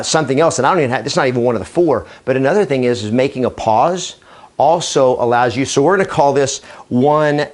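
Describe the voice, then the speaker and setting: Man, real estate trainer, energetic coaching talk, mid-pitched voice, dramatic pauses. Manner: enthusiastic, uses deliberate dramatic pauses. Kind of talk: energetic training video monologue.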